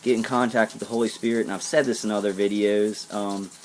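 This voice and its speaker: A man's voice: fairly low pitch, fairly even intonation, brisk, darkish tone. A man delivering an earnest spiritual pep talk to camera, rambling and repeating himself. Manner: earnest, intense. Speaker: vlogger.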